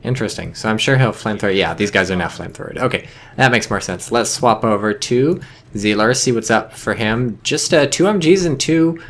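A man's voice: on the low side, animated, brisk, a bit bright, slight background noise. Chatty man casting a strategy game. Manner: chatty, rambling, joking asides. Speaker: game caster. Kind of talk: casual game commentary.

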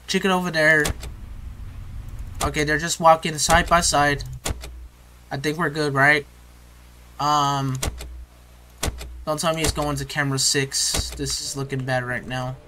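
A man's voice: a little high, pushed and bright, slight background noise, rough recording. A man giving let's play commentary, jittery, repeating phrases and calling his viewers bro. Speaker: gamer.

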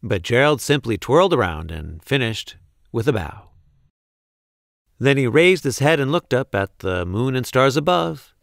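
Expressive gravelly man reading a picture book. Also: mid-range voice, measured pace, dry recording, studio quality. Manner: rhythmic, expressive rhyming delivery. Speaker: storybook reader. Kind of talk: children's picture-book read-aloud.

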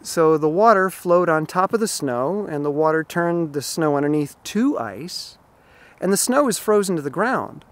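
A man's voice: on the high side, lively intonation, moderate pace. A man giving an emphatic, explanatory vlog monologue outdoors beside a pond while out running. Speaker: running vlogger.

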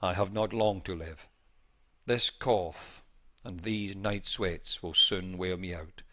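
Man reading a gravely ill young Irishman, proud and earnest, low voice, formal storybook phrasing. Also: slow pace, bright, forceful tone, full character voice.

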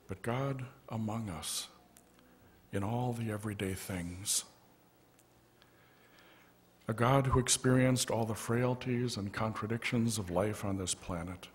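Brief: male pastor, slightly low voice, gentle storyteller in a church sanctuary. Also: a little hiss or hum. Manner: gentle storytelling with soft asides. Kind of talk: storytelling sermon.

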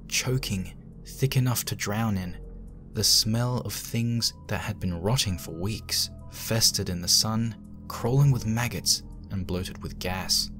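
A man reading a horror fanfic aloud with hushed, dread-filled narration. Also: fairly low pitch. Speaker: fanfic reader.

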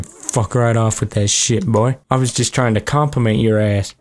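A young man hosting a casual let's-play, talking in a brash, profane, excitable way. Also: on the low side, normal speed, few pauses. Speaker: gaming channel host.

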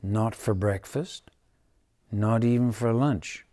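A man reading a children's picture book aloud, gentle and dramatic. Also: mid-range voice, takes it slowly. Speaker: storyteller.

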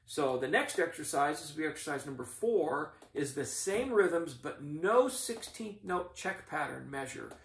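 A middle-aged man teaching drumline warm-ups, explaining each exercise in a methodical, encouraging coaching manner. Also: a little high, animated, a little slow, creaky, few pauses. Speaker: drumline instructor. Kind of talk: instructional demonstration. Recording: echoey room, mic at a distance.

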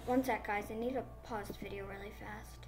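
A woman giving excited, casual commentary on her game, gushing and babbling breathlessly into a phone mic. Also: mid-range voice, a little fast, music in the background. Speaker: gaming vlogger.

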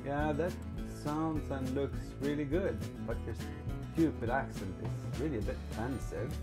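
A man's voice: medium pitch, normal speed, music in the background. A man hosting his own cooking channel, speaking in a dry, matter-of-fact way. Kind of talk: casual vlog talk.

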